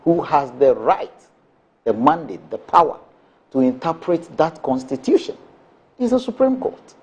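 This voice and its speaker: A man's voice: on the high side, very animated, a little slow, husky. Emphatic man arguing on air. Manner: emphatic, repeats points, rhetorical questions. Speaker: political panelist. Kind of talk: morning show debate. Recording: dull lo-fi broadcast sound.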